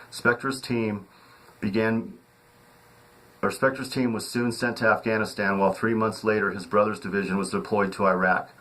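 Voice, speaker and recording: Low-voiced man reading his novel aloud. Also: poor audio. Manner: steady reading with occasional slips and restarts. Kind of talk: audiobook narration.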